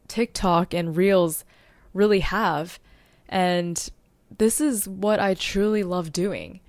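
A woman's voice: on the low side, darkish tone, dry recording. A young adult woman hosting a solo podcast as a social media strategist, talking in an upbeat, informative way and now and then tripping over her words.

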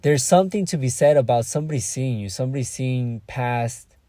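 A man's voice: medium pitch, fairly quick, mellow, no echo. A young man hosting a casual solo podcast, talking candidly and rambling, searching for words and swearing freely. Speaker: podcast host.

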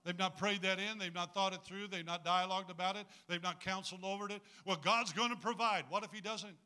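In a church, a man delivers a sermon in a high, very bright and sharp voice that is clear and resonant. His tone is steady and his pace fairly quick, and he speaks in a folksy, humorous way, repeatedly calling on the congregation to answer back.

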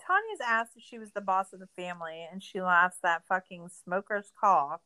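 Bright-voiced woman ranting sarcastically. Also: fairly low pitch, normal speed. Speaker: podcast co-host. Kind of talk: casual recap chat.

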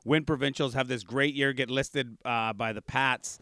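A man telling hockey tales in a loose, animated way, loudly acting out the people in his stories. His voice is smooth and resonant, and the sound is dry and close. He is middle-aged and from Canada. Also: medium pitch, moderate pace, no room sound. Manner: animated storyteller, acts out quotes loudly. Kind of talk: casual storytelling chat.

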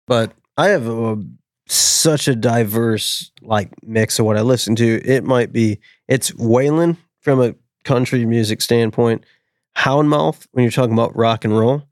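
A man's voice: medium pitch, no room sound, studio quality. A man chatting casually on a podcast, brash, profane and enthusiastic. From northern suburbs of Chicago. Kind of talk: casual chat.

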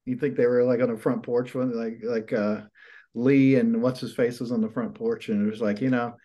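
A man's voice: medium pitch, fairly even intonation, normal speed, dark tone. Laid-back man drawling in casual chat. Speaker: podcast co-host.

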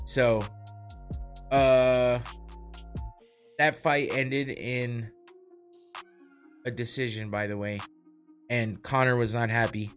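A man's voice: mid-range voice, a bit bright. A man hosting a casual sports podcast, talking loosely and swearing often as he mocks a fighter. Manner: profane, laughing, mocking. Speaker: podcast host.

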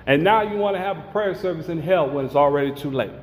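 A man preaching a fiery sermon, impassioned and building to shouted, sung cries. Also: a little high, fast, hardly any pauses. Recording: roomy hall reverb, faint ambience.

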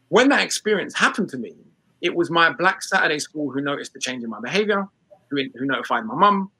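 British male speaker, emphatic talk, forceful husky tone. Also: on the high side, dry recording, rough recording. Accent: British English. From England. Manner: fast, emphatic, many restarts. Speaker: speaker on race and class. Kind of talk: talk to an audience.

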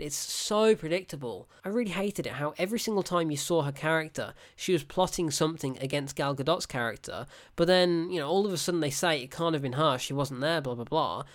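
Unscripted film reviewer: blunt, exasperated, sarcastic, laughs often. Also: medium pitch. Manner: rambling and unscripted, with self-corrections. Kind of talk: casual spoken film review.

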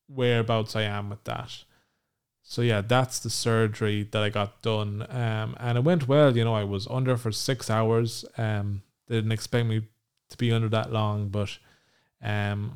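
Rambling man, smooth low voice. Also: darkish tone. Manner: rambling, self-deprecating, frequent ums. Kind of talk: casual personal update to camera.

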